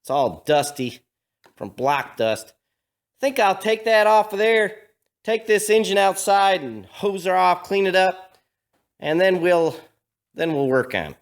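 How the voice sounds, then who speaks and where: This garage vlogger's voice is high-pitched and lively in intonation, though a little slow. He tells his story casually on a camera mic, stumbling through lots of fillers and restarts.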